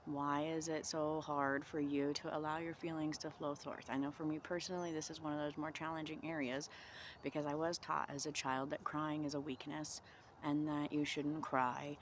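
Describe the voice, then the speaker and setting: A woman vlogging outdoors in the cold, talking through reflective self-help questions in a gentle, encouraging way. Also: sits low, little pitch movement, normal speed, slight background noise.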